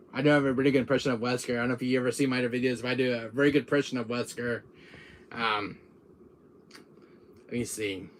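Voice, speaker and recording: A man's voice: medium pitch, slight background noise. A man, a gaming YouTuber, chatting casually and in a friendly way to a viewer, rambling with many restarts.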